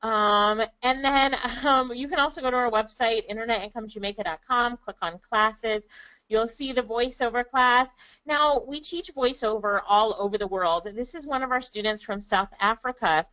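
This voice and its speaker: A woman's voice: on the high side, normal speed, bright, forceful tone, no echo, rough recording. A woman presenting a live online class in an upbeat, chatty way, calling on viewers by name. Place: Kingston, Jamaica.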